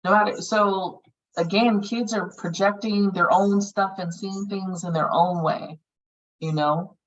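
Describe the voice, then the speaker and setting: A woman's voice: medium pitch, steady tone, measured pace, recorded from a distance, highs cut off. A woman leading a healing circle, talking casually and frankly about meditation, swearing freely as she goes. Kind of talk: casual group guidance on meditation.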